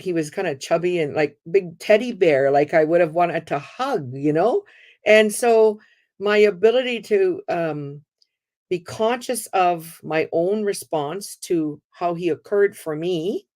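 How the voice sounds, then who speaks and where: A woman hosting a community talk, telling lively personal stories and acting out the voices of the people in them. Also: lowish voice. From Canada. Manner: animated, laughing, acts out quoted voices. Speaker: host.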